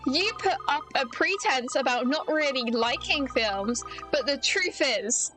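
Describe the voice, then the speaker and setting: A woman reading aloud as a cheerful young woman detective, brisk and teasing. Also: high voice, animated, over music, poor audio.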